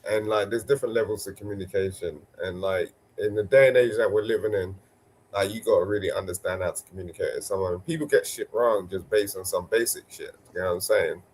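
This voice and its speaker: A man's voice: lowish voice, fast talker, slight background noise, low-quality recording. A man in a casual podcast chat, laid-back, talking in loose restarts and fillers.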